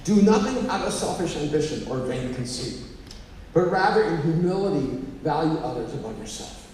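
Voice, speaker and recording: A man, a pastor, preaching a sermon with animated storytelling that rises to emphatic exhortation. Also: a little high, normal speed, slight background noise. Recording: echoey hall, mic at a distance, faint ambience.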